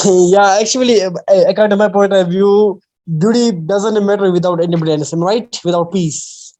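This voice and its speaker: A man's voice: sits high, steady tone, moderate pace, a little mellow. A man from Kashmir, speaking hesitantly with many fillers in an online practice chat. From Kashmir, India. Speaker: discussion participant. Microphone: video call.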